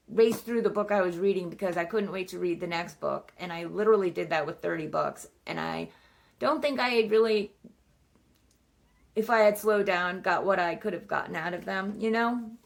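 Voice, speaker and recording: Rambling, gravelly-voiced woman vlogger. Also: medium pitch. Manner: rambling, swears freely, says "like" a lot. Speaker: book vlogger. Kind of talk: casual book review chat.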